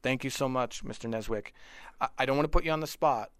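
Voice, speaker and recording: Male podcast host, smooth clear voice, dry close sound, casual rambling questions. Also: medium pitch, fast talker, fairly bright tone, dry recording. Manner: friendly, rambling questions with fillers. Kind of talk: casual interview.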